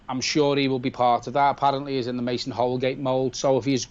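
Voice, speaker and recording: This Scouse-accented man reads chat messages aloud in a flat, matter-of-fact way while co-hosting a live football watch-along, replying to viewers bluntly. His mid-range voice is smooth and fairly quick, though the recording is dull.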